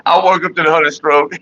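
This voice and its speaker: A man's voice: a little high, sharp tone, dry recording, dull audio. A young man rambling casually to camera, joking and laughing often. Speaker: vlogger.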